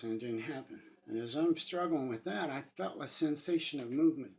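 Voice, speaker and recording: A man in his fifties sharing an emotional personal testimony, earnest and halting, with pauses and restarts, at times moved to tears. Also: mid-range voice. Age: 50s.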